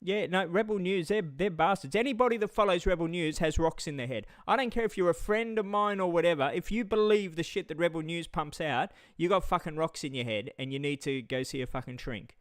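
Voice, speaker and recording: Aussie guy ranting hot on a stream, swears a lot, smooth clear voice, dry sound. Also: a little high, fairly quick, few pauses, dry recording. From Australia. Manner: heated, swearing, stammering repetitions. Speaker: live streamer. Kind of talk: angry livestream rant.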